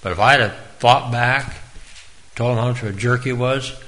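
A man's voice: mid-range voice, normal speed, sharp tone, poor audio. A man giving an informal, earnest sermon in a folksy way, now and then calling on listeners by name. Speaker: preacher.

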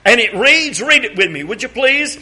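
A man's voice: extremely high pitch, big pitch swings, normal speed, sharp tone. A man preaching a sermon, reading scripture aloud and asking the congregation to read along, with emphatic rhetorical questions.

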